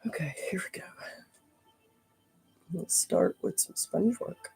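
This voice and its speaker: A face and body painter chatting casually through a live stream from a home studio, rambling and drifting into soft asides while painting. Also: medium pitch, slow, gravelly, husky, whispered, soft background music.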